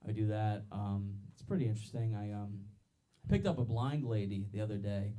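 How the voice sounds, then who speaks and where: A young man doing a stand-up comedy set on a club stage, loud and laughing as he works the crowd. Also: lowish voice, moderate pace.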